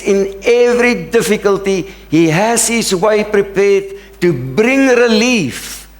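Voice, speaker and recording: A man's voice: high voice, reverberant. A middle-aged man, a pastor, preaching a sermon in an earnest, emphatic way. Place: church sanctuary.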